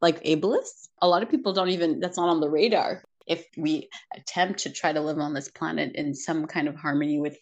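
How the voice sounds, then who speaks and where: Podcast guest, woman, lower register, earnest reflective storytelling with light laughs. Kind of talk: personal conversational storytelling.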